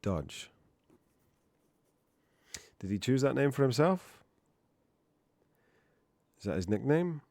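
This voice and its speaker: Gravelly-voiced male streamer, lively delivery. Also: mid-range voice, takes it slowly, pauses often, dry recording, clean studio sound. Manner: profane, exasperated asides. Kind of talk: live-stream reaction, reading aloud.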